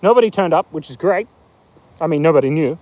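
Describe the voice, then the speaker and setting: Middle-aged Australian host, high animated voice, joking casually on a live phone stream outdoors. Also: male voice, fast, narrow, tinny audio. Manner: playful, rambling, tells jokes and reads chat aloud. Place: outdoors in the bush.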